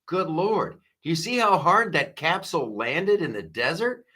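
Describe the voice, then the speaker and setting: Male live-stream host, bright tone, animated comic commentary. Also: a little high, unhurried. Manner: animated, jokey, mimics voices, laughs often.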